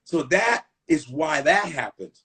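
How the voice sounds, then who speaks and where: A man's voice: on the high side, sing-song, slow pace, bright, forceful tone. A middle-aged man from Chicago, a comedian, telling a profane story in casual chat and acting out the quotes. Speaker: comedian guest.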